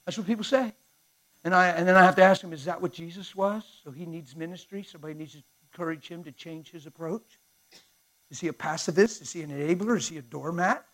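Impassioned high-voiced male preacher. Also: fast. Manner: impassioned, swings from hushed to shouting. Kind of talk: sermon.

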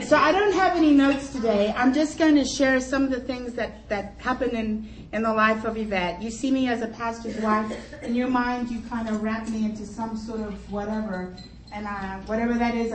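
Animated woman storyteller in an echoey hall. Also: on the high side, normal speed. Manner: animated, playful, chatty storyteller. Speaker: luncheon speaker, pastor's wife. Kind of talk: humorous personal storytelling talk. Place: conference luncheon hall. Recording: echoey hall, voice from far off, faint crowd and noise.

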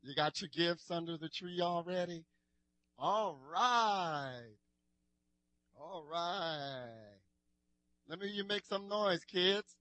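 A man's voice: high voice, lively intonation, slow pace, long pauses, sharp tone, dry recording. A man, leading a worship concert, chatting playfully with the crowd and urging them on like a preacher. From New Orleans, USA. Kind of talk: stage banter and exhortation between songs.

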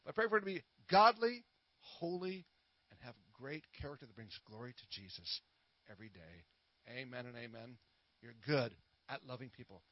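A man's voice: fairly high pitch, no echo, lo-fi sound. A middle-aged man, preaching a sermon with prayers, full of playful corny jokes. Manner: playful, corny jokes and laughs at his own puns.

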